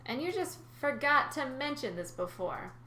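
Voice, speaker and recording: A woman's voice: sits high, very animated, normal speed, bright, forceful tone, a little hiss or hum, pitched above the performer's own voice, full character voice. A woman voicing a blunt, skeptical teenage girl demigod with a matter-of-fact manner. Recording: roomy recording.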